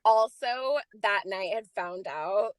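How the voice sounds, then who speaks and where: A woman's voice: mid-range voice, animated, slow, a crowd in the background. A young woman co-hosting a podcast in casual chat, giggly, often chiming in. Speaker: podcast co-host.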